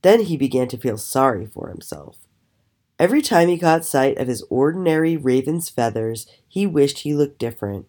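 A woman telling a children's story aloud with an expressive, animated storytelling manner. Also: extremely low pitch, moderate pace. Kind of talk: storybook reading.

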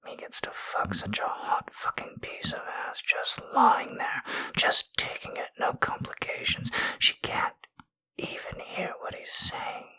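A man narrating a whispered role-play in a slow, intimate, commanding whisper. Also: bright, forceful tone.

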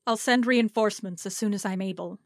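A woman's voice: mid-range voice, fairly quick, no room sound, clean studio sound, lightly acted. Woman voicing a stern, commanding nobleman. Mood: urgent.

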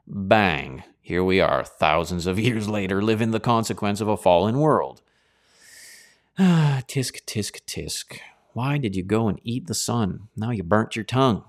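A man's voice: fairly low pitch, lively intonation, unhurried. A man preaching a sermon in a dramatic, colloquial way, full of rhetorical questions.

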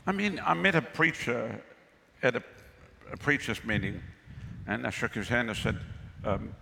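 A man preaches as pastor in a gravelly, mid-range voice at normal speed, pausing often while he exclaims and calls out to the gathered crowd for responses. The outdoor pavilion setting brings long reverb and faint ambient noise.

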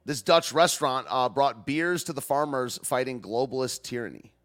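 A man's voice: mid-range voice, normal speed, fairly bright tone, faint music behind. A man hosting a show, rambling through news clips in loose, slangy casual commentary and laughing often. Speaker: show host.

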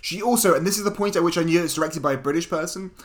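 A man's voice: fairly high pitch, very fast. A man co-hosting a podcast, recapping a film in casual chat with wry, sarcastic asides and casual swearing. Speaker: podcast co-host.

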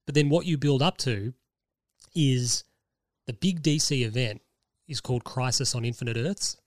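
A man hosts a casual podcast chat, his voice at an ordinary middle pitch. He rambles through his ideas with enthusiasm. The sound is dry and close, with no room around it. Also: normal speed, no room sound. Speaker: podcast host.

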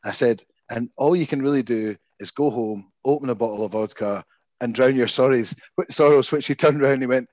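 A man chats on a podcast, warming into an anecdote with the odd stammer. His pitch is middling, and the recording is close and dry. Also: fast, no room sound. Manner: hesitant start, then chatty anecdote with stammers. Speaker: podcast co-host. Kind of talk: casual chat.

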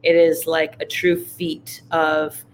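A woman's voice: low-pitched, monotone, slow pace, slight background noise. A woman guest in a casual conversation, speaking reflectively and from the heart, with many "like" fillers. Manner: reflective, heartfelt, heavy use of "like". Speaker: podcast guest.

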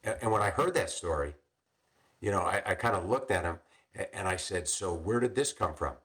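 An older man, a retired police captain, telling stories in a podcast interview with many restarts and frequent throat clearing. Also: sits low, expressive, brisk, a bit bright.

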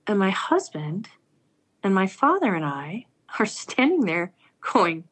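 A woman's voice: medium pitch, takes it slowly, slightly rough. A woman earnestly telling a personal story aloud, acting out the people she quotes. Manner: earnest, animated, acts out quoted speech.

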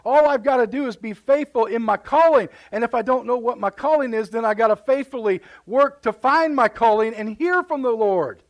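A man's voice: very high voice, normal speed. A man preaching a live sermon in a church, fervent and repeating words as he builds his points. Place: church sanctuary.

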